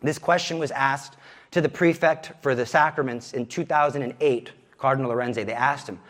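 A man in his thirties, a youth minister teaching a parish class in an animated, self-deprecating, conversational way. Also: medium pitch, brisk.

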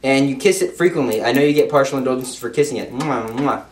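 A man's voice: mid-range voice, fast talker, darkish tone. A young man giving an informal Catholic devotional talk in an emphatic, repetitive way, with playful asides. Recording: echoey room, speaker off-mic.

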